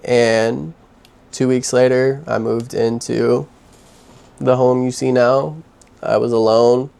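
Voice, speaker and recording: A young man vlogging from his home, telling his own story in a candid, halting way with heavy sighs. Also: medium pitch, little pitch movement, vocal fry, darkish tone, clean tone. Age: young adult. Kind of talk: personal confessional story.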